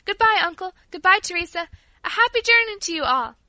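A woman's voice: extremely high pitch, big pitch swings, a little fast, bright, forceful tone, dry recording, voice pushed up, heavily acted. A woman voicing a tender-hearted young girl who pleads and coaxes to get her way in a storybook reading. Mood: cheerful. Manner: pleading, coaxing.

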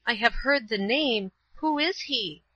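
Woman reading as a poor old woman, lonely, humble, soft, halting, bright higher voice, dull dry sound. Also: animated, no room sound. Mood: sad, humble.

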